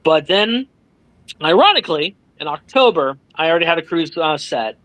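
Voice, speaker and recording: A man being interviewed as an author, telling a story with lively energy, swearing freely and acting out what others said. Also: fairly high pitch, normal speed, no echo, rough recording. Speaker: author guest. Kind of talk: animated storytelling in casual chat.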